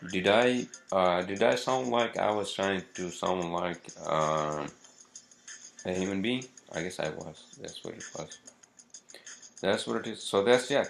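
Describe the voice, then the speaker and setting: A man's voice: low voice, measured pace, creaky, a little hiss or hum. A man hosting a casual vlog, ranting profanely and rambling with many fillers. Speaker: vlog host.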